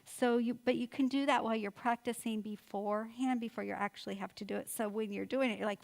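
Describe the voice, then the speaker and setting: A woman's voice: on the high side, fairly quick, gravelly, few pauses, darkish tone. Older woman giving chatty parenting advice. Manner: chatty, acts out everyday quotes. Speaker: therapist speaking to mothers. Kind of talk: informal parenting talk.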